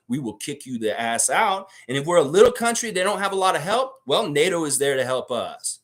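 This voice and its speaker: A man's voice: medium pitch, big pitch swings, a little fast, few pauses. Amped-up, swearing man ranting. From Baltics. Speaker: livestream host. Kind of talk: casual livestream chat reading comments.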